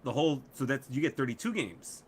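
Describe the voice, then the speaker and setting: A middle-aged man co-hosting a loose podcast chat, pitched right in the middle for a man. He rants, swears freely and breaks into laughter as he talks. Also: fairly quick. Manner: profane, ranting, laughs often. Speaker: podcast co-host. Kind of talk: casual chat.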